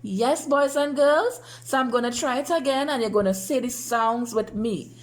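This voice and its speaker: A woman teaching a phonics lesson to young children, sounding out letters slowly and clearly and praising them. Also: a little high, low-quality recording.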